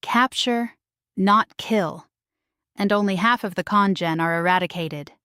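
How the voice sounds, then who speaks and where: A woman's voice: medium pitch, unhurried, sharp tone, clear, resonant tone, no room sound, clean studio sound. A woman voicing a gaudy, gossiping noblewoman who speaks in a fake English accent, in a storybook reading. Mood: haughty. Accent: put-on English. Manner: gossiping, secretive.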